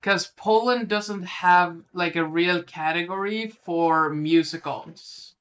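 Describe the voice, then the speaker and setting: Lisping co-host, unhurried and hesitant, in casual film chat. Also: mid-range voice, a bit bright, dull audio. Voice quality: lisp. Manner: hesitant, lots of ums. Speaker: podcast co-host.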